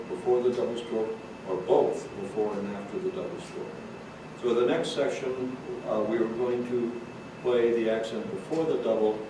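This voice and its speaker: A man teaching drum rudiments, patient and explanatory as he counts out beats. He is picked up from a distance in a very echoey room. A steady layer of room noise sits under his voice. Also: medium pitch. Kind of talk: recorded teaching session. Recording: roomy echo, distant mic, noisy.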